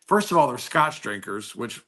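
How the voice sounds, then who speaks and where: A man's voice: medium pitch, sing-song, normal speed, pushed and bright. A man telling stories in casual chat on a live video call, enthusiastic and full of restarts. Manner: enthusiastic storyteller, many restarts.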